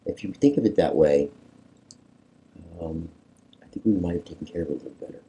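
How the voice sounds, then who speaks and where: A male pastor, preaching conversationally and drawing answers from a small group, animated and emphatic. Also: sits low, a little fast, slightly rough, poor audio. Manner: animated, coaxing, rises to emphatic peaks. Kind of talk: conversational sermon with group discussion.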